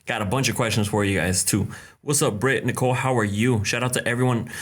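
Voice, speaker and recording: A young man hosting a casual live stream, greeting viewers by name in a relaxed, chatty way and dropping in short Spanish greetings. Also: medium pitch, brisk. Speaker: live-stream host answering viewer questions.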